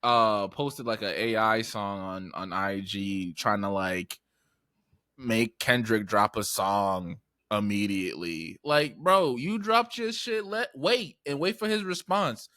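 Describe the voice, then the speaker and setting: A man co-hosting a podcast in casual, profane chat, swinging into high, excited outbursts. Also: slow pace, no room sound, clean studio sound. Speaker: podcast co-host.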